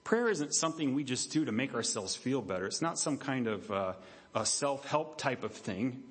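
Man, pastor, lively sermon delivery, mid-pitched voice, sinks low and soft on key lines. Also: moderate pace. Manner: animated preaching, acts out quoted voices with big pitch jumps; drops low and quiet for emphasis. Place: church sanctuary.

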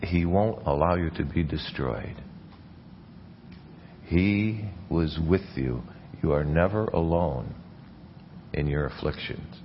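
A man's voice: a bass voice, slow pace, pauses often, lo-fi sound, slight background noise. A man preaching a sermon as a pastor, earnest, often restarting and repeating words mid-phrase. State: coughing, something in his mouth. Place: church.

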